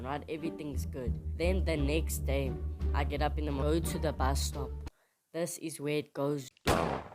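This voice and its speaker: A young man from South Africa with a South African accent, telling stories in a chatty, animated way in his room. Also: mid-range voice. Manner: chatty, animated, teasing complaints. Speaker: vlogger. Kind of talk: casual storytelling vlog. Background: music.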